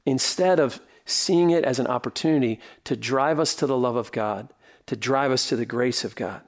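Earnest male pastor preaching softly. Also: medium pitch, normal speed. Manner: earnest, rhythmic preaching with soft dropped phrases. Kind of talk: sermon.

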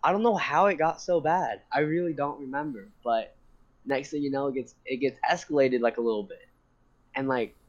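A young man tells a long, winding story in relaxed conversation. He rambles, swears, laughs and gets animated, at a middle pitch. The sound is slightly dull and lo-fi. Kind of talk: casual storytelling.

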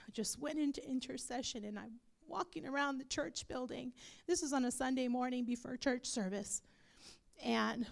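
Slow, gravelly high-voiced woman preacher. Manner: fervent, breaks into whispered prayer. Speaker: pastor. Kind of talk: sermon and prayer. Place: church.

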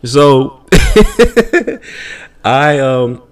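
A man co-hosting a podcast, telling a comedic story in casual chat and acting out other people's voices. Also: extremely slow. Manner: animated, acts out voices in shrieking high tones. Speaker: podcast co-host.

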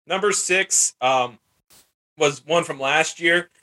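A man's voice: fairly high pitch, slow, pushed and bright. A man hosting a casual chat show, rambling and laughing as he retells scenes. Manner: chatty, laughs while retelling scenes in put-on voices. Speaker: podcast host.

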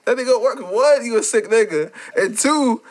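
A young man co-hosting a casual podcast, telling profane, animated stories full of quoted back-and-forth. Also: very high voice, normal speed. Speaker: podcast co-host. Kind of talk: casual chat.

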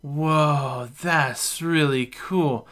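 A woman's voice: sits low, very slow, fairly bright tone, voice pushed up, exaggerated voice. A man voicing a tipsy, giggling young woman who talks in a slurred, singsong way for a story reading.

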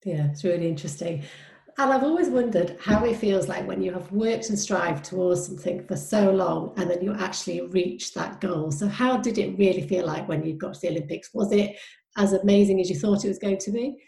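A woman's voice: mid-range voice, a little fast, vocal fry, mellow. A woman hosting an interview, asking questions in an encouraging, casual way. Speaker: interview host. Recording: roomy echo.

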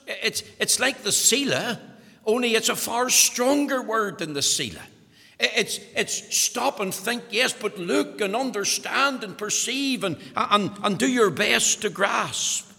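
High, gravelly preacher man in a hall. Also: animated, measured pace, sharp tone. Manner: earnest, emphatic, repeats words for stress. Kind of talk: sermon. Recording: long hall reverb.

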